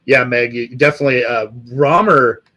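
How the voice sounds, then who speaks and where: A man's voice: medium pitch, moderate pace, pushed and bright. A man from Los Angeles hosting a casual livestream, talking in a profane, rambling, enthusiastic way. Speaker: livestream host.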